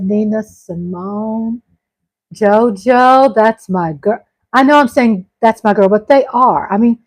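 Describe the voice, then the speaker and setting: A woman's voice: mid-range voice, a little mellow, no room sound, poor audio. A middle-aged woman hosting a casual live stream. She reads out viewer comments and chats back to them, calling her viewers y'all and breaking into exclamations.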